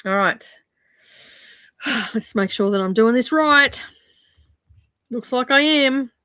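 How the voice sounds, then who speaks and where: A woman's voice: on the high side, takes it slowly, pushed and bright, clear, resonant tone, no echo, clean studio sound. A middle-aged woman from Australia hosting a casual crafting live stream, chatting in a rambling way with many ums. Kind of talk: casual chat while crafting. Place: home craft room.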